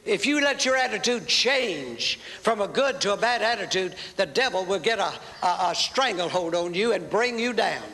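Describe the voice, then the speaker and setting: Fervent preacher man, high and bright. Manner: fervent preaching, calls for audience responses. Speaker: pastor. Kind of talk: sermon. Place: church sanctuary. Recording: reverberant church hall with faint noise.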